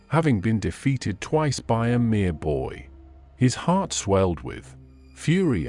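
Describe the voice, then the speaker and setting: A man's voice: fairly low pitch, darkish tone. A man reading classic fiction aloud as an audiobook narrator, telling the story expressively.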